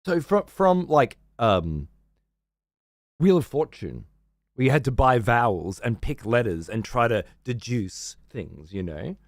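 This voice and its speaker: A man's voice: mid-range voice, very animated, measured pace, no room sound, clean studio sound. Swearing Australian man ranting. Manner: profane, rambling, sarcastic. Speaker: livestreamer. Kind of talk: casual livestream rant.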